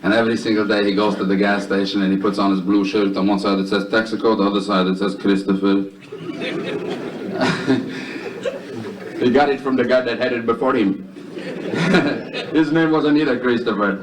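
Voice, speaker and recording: A man tells a comic story at a charity event, animated and trading voices. He sounds set back from the mic, and a faint room hum sits underneath. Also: fairly low pitch, moderate pace, pauses often, recorded from a distance. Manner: animated, switches between character voices. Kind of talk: stand-up storytelling. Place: event hall.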